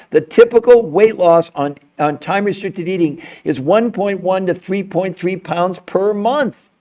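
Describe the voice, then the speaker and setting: A man's voice: high-pitched, a little mellow, highs cut off. A man hosting a live health stream, talking with indignation, laughing in disbelief and firing rhetorical questions at his viewers. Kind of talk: heated livestream monologue.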